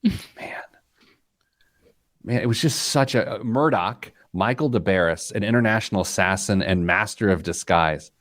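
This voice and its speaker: A man hosting a money podcast in casual chat, joking and animated. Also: lowish voice, dry recording, studio quality. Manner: joking, animated, quick asides. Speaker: podcast host.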